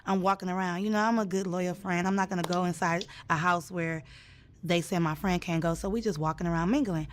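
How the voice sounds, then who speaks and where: A young woman telling a story in a casual chat, animated and acting out the people she quotes. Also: lowish voice, brisk, slight background noise. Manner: animated, acts out quotes with sudden loud jumps. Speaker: storyteller in a clip.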